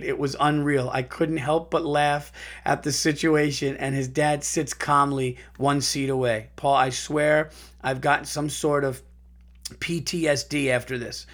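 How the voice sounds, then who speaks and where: Animated, swearing male podcast host. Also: mid-range voice. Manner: animated, profane, laughs while reading. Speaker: podcast host reading listener stories. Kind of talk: casual podcast chat.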